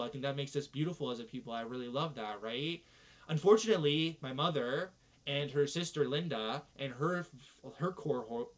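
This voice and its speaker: A man from Canada ranting in a casual, profane monologue about his family. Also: a little high. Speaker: influencer. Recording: dull lo-fi recording.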